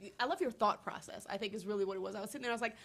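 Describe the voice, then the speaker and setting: A woman judging a comedy competition, giving gushing, halting praise. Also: mid-range voice, a bit bright. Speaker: judge.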